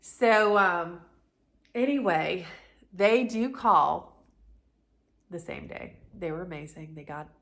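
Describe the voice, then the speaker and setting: A woman's voice: on the low side, slow pace, long pauses. A middle-aged woman, casually telling a personal story to camera, chatty and full of asides. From North Carolina, USA. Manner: chatty and animated, with many restarts and asides. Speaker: lifestyle vlogger.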